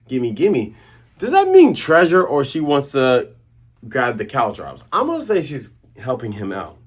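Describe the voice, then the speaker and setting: A husky-voiced man recaps a comic chapter in loose, rambling commentary. His pitch moves lively up and down, and he stops to correct himself often. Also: measured pace. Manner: rambling, laughs at own voices, self-corrects. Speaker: manga review host.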